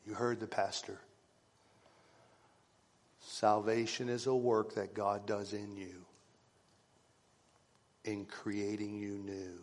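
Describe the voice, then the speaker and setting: A man preaching a sermon to his congregation, swinging from loud rising calls to hushed, whispered lines. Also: fairly low pitch, flat delivery, slow, pauses often. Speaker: pastor. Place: church sanctuary. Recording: long reverb of a church hall.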